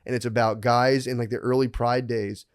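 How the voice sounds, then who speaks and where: A man in his thirties co-hosting a podcast, telling excitable, crude stories full of swearing. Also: medium pitch, normal speed, smooth. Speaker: podcast co-host. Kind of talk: casual chat.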